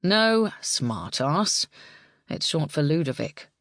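Casting: woman reads a relaxed young Englishman, teasing, low dry voice. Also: slow pace, dry recording, exaggerated voice. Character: young English man, a cheerful designer.

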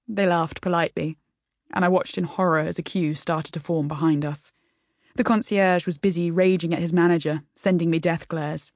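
A woman's voice: lowish voice, moderate pace, no echo, clean studio sound. A woman narrating a first-person audiobook in a wry, self-deprecating storytelling manner.

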